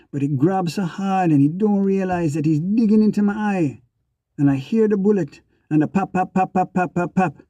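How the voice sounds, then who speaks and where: Dark-voiced male audiobook narrator. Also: a little high, dry recording. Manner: rhythmic, repeating sound words. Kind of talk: first-person audiobook narration.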